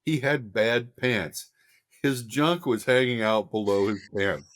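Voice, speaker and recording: A man quoting a calm, matter-of-fact older bluesman in a podcast anecdote. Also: medium pitch, takes it slowly. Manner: plain matter-of-fact explaining. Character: older male blues legend, calm and amused.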